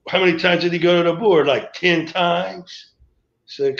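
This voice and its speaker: A man's voice: high voice, normal speed, creaky. A man guest on a live stream, telling a rambling story and acting out the dialogue of other people as he goes. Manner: rambling, acts out quoted dialogue. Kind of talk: storytelling memories. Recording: echoey, dull lo-fi stream audio.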